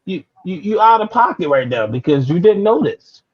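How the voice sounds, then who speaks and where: A man's voice: sits high, big pitch swings. Stammering, interrupting man on a podcast. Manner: quick, interrupting, stammers when riled. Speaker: podcast co-host. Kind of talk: casual sports debate. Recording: dull lo-fi audio.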